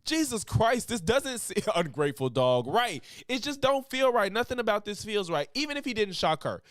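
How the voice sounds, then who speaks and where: A man streaming casual reaction commentary, animated, laughing often and breaking into loud exclamations. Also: high voice, dry recording, clean studio sound.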